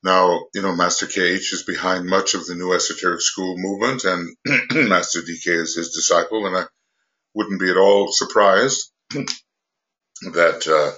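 An older man lectures on spiritual matters without a script, his voice very deep yet bright and forceful. He stops often, fills gaps with hesitations and circles back to restart his thoughts. The recording is dull and lo-fi. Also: steady tone. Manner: halting, many fillers and restarts. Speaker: esoteric teacher.

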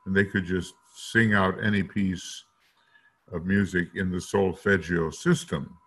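A man giving a slow, deliberate lecture in a rough morning voice, now and then singing note syllables to illustrate. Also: low-pitched, steady tone, a bit bright. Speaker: teacher.

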